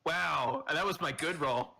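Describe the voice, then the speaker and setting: A male player in a tabletop game, with a bright, keen tone and slightly high pitch. He reacts with exasperation and laughter. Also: moderate pace, vocal fry, rough recording.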